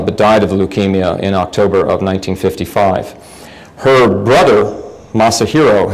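Wry, lower-voiced middle-aged man telling stories. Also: darkish tone, rough recording. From United States. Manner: humorous, wry, with frequent restarts. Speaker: guest lecturer. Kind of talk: anecdotal lecture storytelling.

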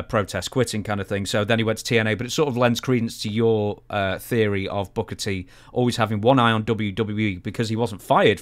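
A man with an English accent co-hosting a casual chat, reading out news items with many filler words. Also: lowish voice. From England. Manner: chatty, many "uh" fillers, clarifies facts. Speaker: co-host.

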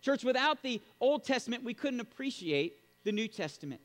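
A man preaching a sermon as pastor, emphatic and animated, with sudden loud exclamations. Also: extremely high pitch, moderate pace, big-room sound.

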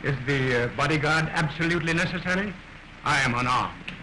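An actor playing an earnest, grave rebel leader who is a doctor, speaking in a formal, solemn, insistent way, in 1930s film style. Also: male voice, fairly high pitch, a little fast, pushed and bright, poor audio. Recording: hissy early 1930s film soundtrack.

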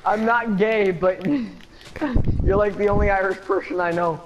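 A man's voice: high voice, unhurried, background noise. A man chatting playfully and laughing while gaming online, often tripping over his words. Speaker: gamer in party chat. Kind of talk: casual gaming chat.

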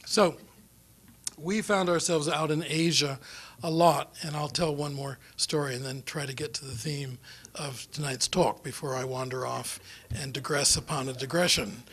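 Speaking in a steady, slightly high, somewhat bright and husky voice at an ordinary pace, this middle-aged man from New Zealand has a local accent. As guest speaker at a dinner venue or lecture room, he wanders through anecdotes at his own expense during an after-dinner talk on foreign policy.

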